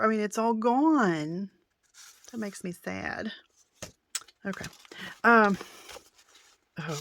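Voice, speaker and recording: A woman's voice: mid-range voice, a bit bright, slight background noise. A woman craft vlogger chatting casually through an unboxing, gushing with delighted exclamations.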